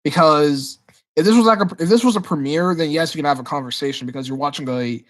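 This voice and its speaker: This man, whose voice is on the high side, talks fast while hosting a casual livestream Q&A. He reads chat questions out loud, answers excitably, and keeps repeating words when he restarts his sentences.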